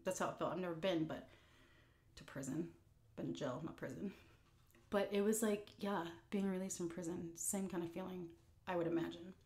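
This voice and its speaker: A woman's voice: on the low side, moderate pace, a little mellow. A woman vlogger telling a story while eating, candid and blunt, rambling with fillers. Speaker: mukbang vlogger.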